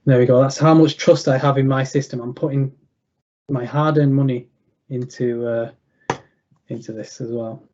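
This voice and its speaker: A young man giving betting tips over a video call, thinking aloud in a halting way with many fillers and restarts. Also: mid-range voice, steady tone, darkish tone, muffled recording. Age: young adult. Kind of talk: thinking aloud while clicking through a screen.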